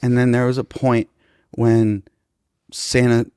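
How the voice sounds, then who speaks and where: A man's voice: mid-range voice, level tone, takes it slowly, dark tone, clean tone, no echo, clean studio sound. A man telling an absurd improvised comedy story in a matter-of-fact way. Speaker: podcast comedian.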